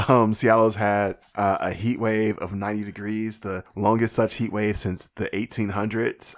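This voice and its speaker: Hoarse man ranting on his podcast. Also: fairly low pitch. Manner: rambling, profane, comic exasperation; mumbles. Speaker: podcast host. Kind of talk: casual solo podcast rant.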